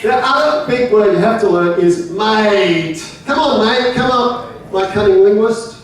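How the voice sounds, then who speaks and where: A man's voice: sits high, normal speed. An Australian man speaking to a club audience, joking, teasing and leading crowd chants. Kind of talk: lively audience talk. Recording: echoey room, far from the mic.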